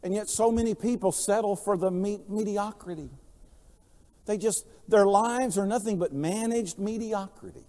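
A man preaching a sermon, telling stories and swinging between quiet, low passages and loud, emphatic lines. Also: moderate pace, long reverb tail. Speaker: pastor.

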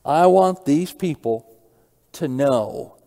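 A man's voice: fairly high pitch, animated, slow pace, mellow, big-room sound. A man preaching an expository sermon, walking through scripture and asking the listeners rhetorical questions. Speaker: pastor.

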